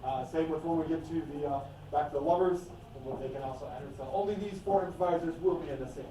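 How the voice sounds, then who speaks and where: High-voiced man hosting an improv show. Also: dark tone. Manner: brisk, organizing, addresses audience. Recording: echoey room from a distant mic with faint noise.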